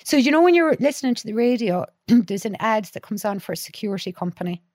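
A middle-aged woman appears as a podcast guest, chatting earnestly and telling stories in casual conversation, restarting often. Her voice is a little high and a little mellow, with lively intonation and a fast pace, captured in clean, echo-free studio sound.

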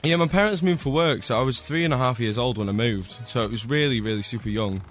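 Fast-talking hoarse young man, a singer. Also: medium pitch, soft background music. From Scotland. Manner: chatty, rambling, laughs often. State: hoarse from flu. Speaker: singer guest. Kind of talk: casual radio interview chat. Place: radio studio.

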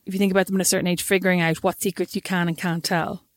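A woman's voice: on the low side, level tone, rapid-fire, no room sound. Woman, podcast co-host; chatty, giggly storyteller, close dry mic. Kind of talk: casual chat.

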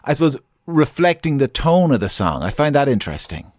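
A man's voice: medium pitch, sing-song, fairly quick, a little mellow, no echo, clean studio sound. A male interviewer asking long, stumbling questions, often repeating words as he frames them.

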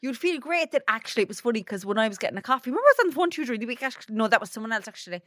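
A woman's voice: on the high side, sing-song, rapid-fire, fairly bright tone, no room sound, clean studio sound. A woman, co-hosting a casual chat podcast and laughing and swearing freely. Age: 30s. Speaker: podcast co-host.

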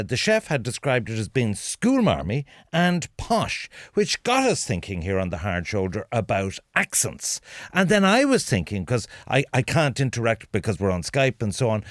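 A man's voice: medium pitch, no room sound, clean studio sound. An Irish man hosting a radio panel, teasing and provoking his guests. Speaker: radio host.

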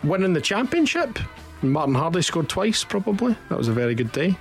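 A young Scottish man co-hosting a football podcast, telling stories in a lively, animated way. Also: high-pitched, a little fast, creaky, faint music behind. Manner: animated storyteller with lively quoted voices. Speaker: podcast co-host. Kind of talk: casual podcast chat, storytelling.

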